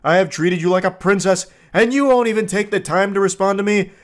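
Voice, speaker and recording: Guy doing a whiny high clingy lovesick dude, pleading and flipping to shrill rage. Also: a little fast, natural voice. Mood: shrill, furious. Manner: pleading, then shrill and outraged. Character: lovesick obsessive young man, clingy and volatile.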